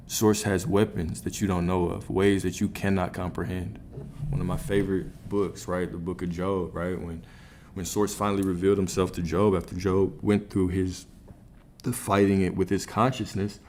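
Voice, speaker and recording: Deep-voiced man giving spiritual coaching. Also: darkish tone, a little hiss or hum. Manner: repetitive, emphatic, frequent "right?" tags. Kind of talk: motivational livestream talk.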